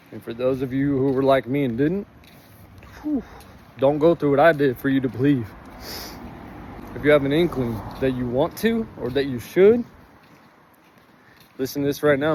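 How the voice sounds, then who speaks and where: A man's voice: medium pitch, darkish tone, slight background noise. Candid, emotional man. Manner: candid, heartfelt, swears freely, many fillers. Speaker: vlogger sharing his recovery. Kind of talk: emotional personal vlog. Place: outdoors in sun and breeze.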